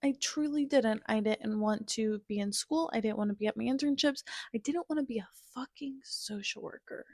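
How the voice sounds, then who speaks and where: A woman's voice: a little high, fairly even intonation, fairly quick, few pauses, dry recording, studio quality. A woman in her twenties telling a candid personal story as a podcast host, blunt and self-mocking, swearing freely and moving between wry humor and raw feeling.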